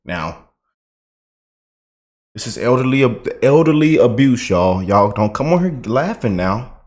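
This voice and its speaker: A man's voice: medium pitch, very animated, measured pace, long pauses, a little mellow. A man hosting casual political commentary, folksy, laughing and calling his audience y'all. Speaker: commentary channel host.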